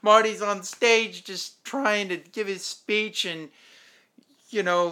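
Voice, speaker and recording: A man's voice: sits high, steady tone, slow pace, bright, forceful tone. A man casually recapping a TV episode as a show host, rambling along and acting out the characters' lines.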